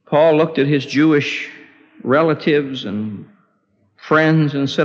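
Impassioned preacher, high-pitched man, echoing hall. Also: slow pace. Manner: impassioned, voice climbing high in pleading prayers. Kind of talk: sermon. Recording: dull lo-fi recording with long hall reverb.

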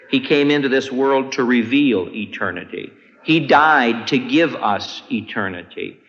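A man preaching a sermon. He swings from ringing high peaks down to hushed low endings. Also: long reverb tail, lo-fi sound. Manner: dramatic rises and hushed drops in delivery.

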